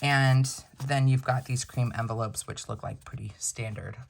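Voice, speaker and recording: A woman with a notably low voice chats through an unboxing. She muses aloud, asks herself quick questions and answers them, in an easygoing vlog manner. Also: steady tone, vocal fry. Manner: chatty, thinks aloud, self-questioning asides. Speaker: planner unboxing vlogger. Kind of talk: casual unboxing chat to camera.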